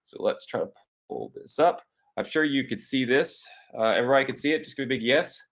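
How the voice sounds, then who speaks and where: A man with a sick, hoarse voice hosts a live online business training from a hotel room. He talks to viewers in a chatty, upbeat way and asks them to answer yes. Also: mid-range voice, brisk, a bit bright, highs cut off. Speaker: online business coach hosting a weekly training. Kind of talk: live webinar talk.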